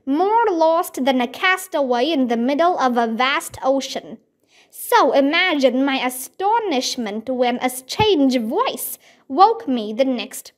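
A woman reading a children's book aloud as narrator, with a careful storytelling delivery. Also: sits high. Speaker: audiobook reader.

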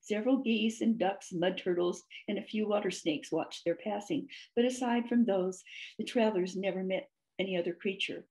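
A woman author reading her own storybook aloud, measured and gentle. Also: mid-range voice, low-quality recording. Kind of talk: storybook read-aloud narration.

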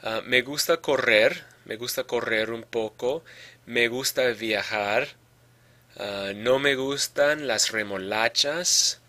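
A man's voice: mid-range voice, a little slow, sharp tone. A man teaching a Spanish grammar lesson, explaining patiently and often checking in with "okay". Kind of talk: podcast lesson.

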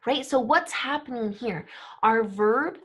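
Brief: woman in her thirties, language teacher, lightly high voice, patient explainer who checks in often. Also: unhurried. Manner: clear explanatory, checks in with "right?" and "okay?". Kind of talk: grammar lesson to camera.

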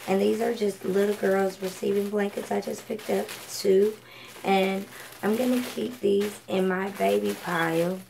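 A woman's voice: mid-range voice, level tone, unhurried, vocal fry, a little mellow, a little hiss or hum, poor audio. A woman from Georgia, chatting casually through a thrift haul with lots of ums and self-corrections. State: coughing from allergies. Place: home at night.

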